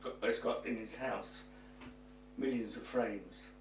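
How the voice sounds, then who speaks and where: Soft-spoken interviewer in a humming room. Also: male voice, medium pitch, fairly even intonation, slow pace. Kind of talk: interview questions. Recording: roomy with background hum.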